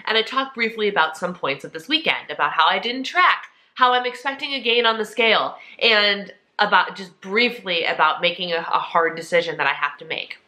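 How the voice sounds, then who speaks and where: A woman's voice: mid-range voice, a little fast, hardly any pauses, pushed and bright. A woman in her thirties chatting earnestly and emotionally to her viewers in a casual vlog at home. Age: 30s. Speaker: vlogger. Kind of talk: casual chat.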